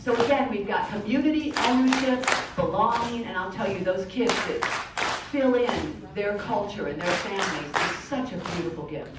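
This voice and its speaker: A woman music educator leading an interactive workshop, calling out prompts and cues to a group in a lively, encouraging way. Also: medium pitch, moderate pace, very noisy. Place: large conference workshop room. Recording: echoey hall from far off, with drumming. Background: hand drums and group playing.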